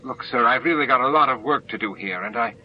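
A man's voice: mid-range voice, fast, dull audio, slight background noise, voice pushed up, close to an everyday voice. A man voicing an irritable, overworked male station engineer who snaps and complains. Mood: complaining. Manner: snappish, complaining.

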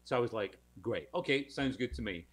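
A man's voice: mid-range voice, brisk, a bit bright, breathy edge. A British man telling a showbiz anecdote in casual podcast chat, acting out the voices of people in his story. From United Kingdom.

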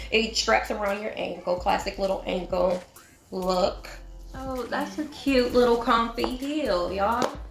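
Middle-aged woman, casual haul chat, higher pitch, roomy echo, music playing underneath. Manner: chatty, addresses viewers as y'all. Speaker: vlogger.

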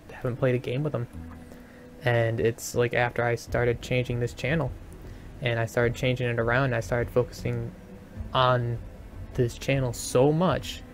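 A man giving a casual channel update as a gaming video maker, hesitant and repeating himself, calling his own voice monotone. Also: mid-range voice. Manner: hesitant, repeats words, says he sounds monotone. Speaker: gaming YouTuber.

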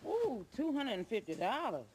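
An actress playing a sassy, teasing cashier with quick comebacks in a sitcom, on hissy old TV audio. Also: female voice, on the high side, wildly swooping pitch. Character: sassy wisecracking working woman, playful. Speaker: store cashier. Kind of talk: sitcom acting.

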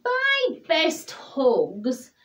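Woman as a lonely bear cub from a storybook, high and pleading, swooping sing-song whine. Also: wildly swooping pitch, extremely slow, fairly bright tone, faint music behind, exaggerated voice. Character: young male bear cub, lonely and eager for hugs.

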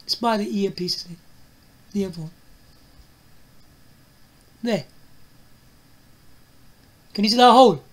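A man's voice: high-pitched, slow pace, pauses often, fairly bright tone. A man reviewing a phone to camera, asking the viewer questions and tagging his lines with "right?" and "yeah?". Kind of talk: product demo to camera.

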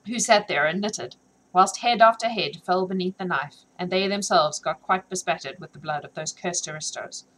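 A woman's voice: fairly low pitch, moderate pace, fairly bright tone, poor audio. A woman reading a novel aloud on a live stream, then chatting with viewers, laughing often and joking about herself.

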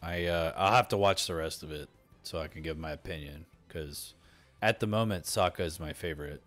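A man's voice: a bass voice, fairly quick, fairly bright tone, faint music behind. A man hosting a casual discussion show, rambling with lots of fillers and restarts into a desktop mic. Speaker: podcast host. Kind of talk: casual chat. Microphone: desktop mic through streaming software.

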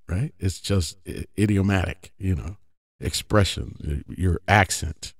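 A man's voice: low-pitched, normal speed, mellow, no echo, studio quality. A man giving a casual religious teaching talk, conversational, often checking in with his listeners. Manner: conversational, often asks "right?".

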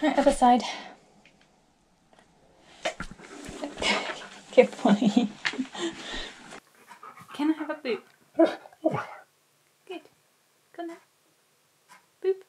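A woman's voice: high voice, expressive, drawn-out words, pauses often, background noise. A woman who makes dog videos, playfully coaxing her dog through tricks and laughing often. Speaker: dog owner and video maker. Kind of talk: talking to her dog during trick training.

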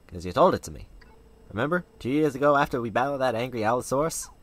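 A man's voice: medium pitch, expressive, fast, pitched above the performer's own voice, natural voice. A man voicing an earnest, folksy middle-aged cowboy with a put-on Southern US drawl and homespun turns of phrase, over a game.

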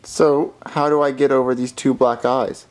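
A man's voice: mid-range voice, flat delivery, moderate pace, faint music behind, close to an everyday voice, low-quality recording. A man voicing Junior, a whiny, pleading puppet boy. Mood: glum.

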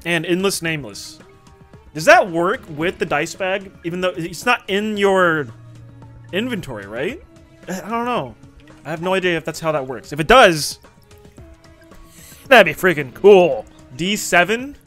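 A man's voice: sits high, pushed and bright. A man casually commentating his gameplay for viewers, swearing freely, laughing often and chatting with his audience. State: recently woken up. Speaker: gaming video creator.

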